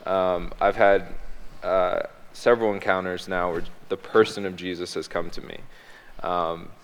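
Low flat-voiced man in a reverberant hall. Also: a little slow, smooth. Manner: hesitant, frequent ums and restarts. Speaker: guest. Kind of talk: personal faith testimony in conversation. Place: on a stage.

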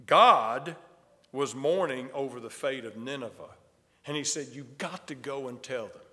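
A man's voice: mid-range voice, expressive, measured pace, sharp tone, big-room sound. A male pastor preaching a sermon, building emphasis through repeated rhetorical questions.

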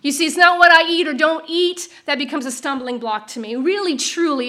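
Bright high-voiced woman preaching a sermon. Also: brisk, hardly any pauses. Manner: animated storytelling with laughs and emphatic repetition.

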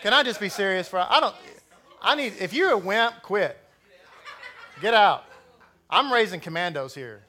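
A man's voice: high voice, lively intonation, normal speed, pauses often, bright, forceful tone. A man preaching a sermon as rabbi, blunt and rousing, with jokey asides to the congregation.

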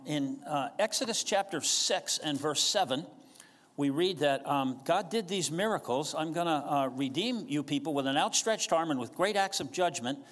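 In a large hall, a pastor with a voice on the high side and a bit bright preaches his sermon. His style is casual and conversational, and he often asks the congregation questions.

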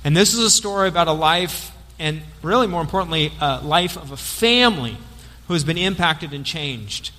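A man preaching a sermon as a pastor, telling the story in a lively way over an amplified mic in a church. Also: on the high side, normal speed. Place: church sanctuary. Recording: long church hall reverb.

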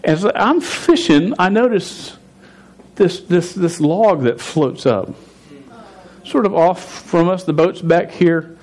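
A man in his forties telling a story in a sermon, animated, stumbling and restarting his words as he goes. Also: sits high, takes it slowly. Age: 40s. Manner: stuttering with frequent restarts. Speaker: pastor.

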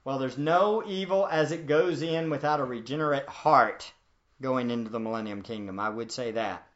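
A man's voice: mid-range voice, moderate pace, fairly bright tone, muffled recording. A man preaching a verse-by-verse Bible teaching in a conversational way, often asking his listeners questions. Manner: conversational, asks the audience questions. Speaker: pastor.

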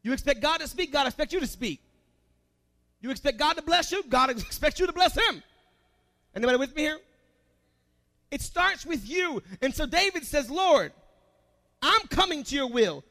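A man preaching a sermon as pastor, asking the congregation questions and swinging between quiet asides and loud emphatic lines. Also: extremely high pitch, animated, normal speed, gravelly, long pauses.

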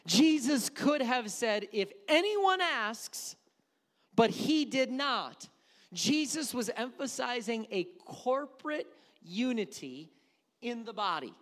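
Pastor, male, high voice; emphatic sermon delivery with repeated key words, long hall reverb. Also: animated, slow pace. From Wisconsin.

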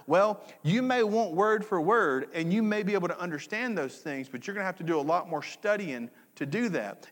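Man, middle-aged, pastor, conversational sermon, repeats himself, asks questions, slightly high voice, long church-hall reverb. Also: fairly bright tone.

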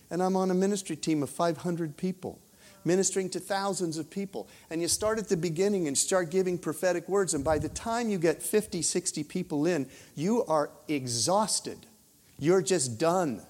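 A man preaching with a somewhat high voice, possibly. He tells his story with animation, dropping to a hushed tone when he quotes prayers and voices. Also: normal speed. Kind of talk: sermon with storytelling.

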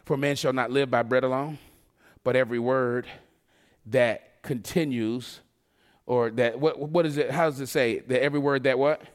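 A man preaching a sermon in a conversational, joking way, slipping into quick acted asides. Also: medium pitch, fairly even intonation, smooth.

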